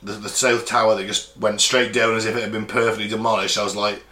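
A man's voice: on the low side, little pitch movement, quick pace, pushed and bright, echoey room. A man co-hosting a podcast in casual chat, blunt and swearing freely. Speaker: podcast co-host.

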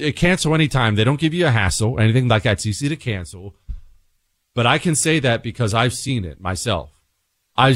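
Talk radio host, male, drawl, lively exasperated delivery, dry close mic. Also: medium pitch, no echo. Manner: animated, exasperated, joking. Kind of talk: political talk radio monologue.

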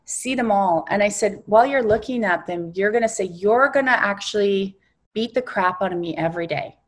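A woman reverend, a guest on an interview show, telling a spiritual guided exercise with emphatic, animated storytelling. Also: mid-range voice, fairly quick.

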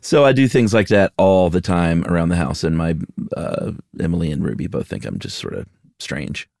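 Man, very low voice, relaxed, chuckling, casual podcast chat, dry close mic. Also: normal speed, gravelly, no room sound. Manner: relaxed, laughs easily, sings goofy jingles. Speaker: podcast co-host.

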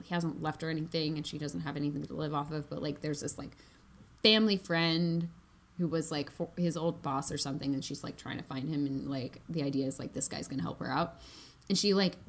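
A woman in casual chat, retelling a book and reading from it in a chatty way full of "like". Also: sits low. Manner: chatty, fillers of "like", laughing.

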